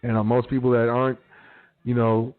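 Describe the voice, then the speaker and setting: A man's voice: medium pitch, flat delivery, moderate pace, clear, resonant tone. A man hosting a radio talk show, lecturing his listeners bluntly with street slang and profanity. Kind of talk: casual solo radio talk. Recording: phone-quality radio line with faint music.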